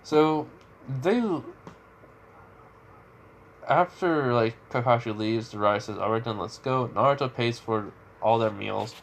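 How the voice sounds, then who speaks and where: A man's voice: medium pitch, takes it slowly, vocal fry, pauses often, slight background noise. Rambling young-sounding man retelling a story. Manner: rambling, full of "like" and restarts.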